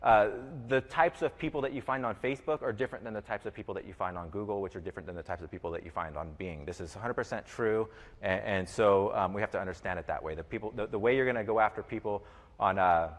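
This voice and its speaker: A man's voice: on the low side, fast talker, big-room sound. A man giving an informal lesson on online selling, rambling and restarting his sentences, with many fillers and repeated words. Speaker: e-commerce teacher. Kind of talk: informal teaching talk.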